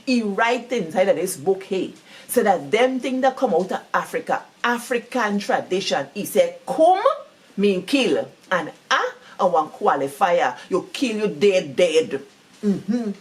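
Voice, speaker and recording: A woman with a Guyanese Creole accent, talking through a book in a casual, animated way and repeating words for emphasis. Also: mid-range voice, measured pace. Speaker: book reviewer.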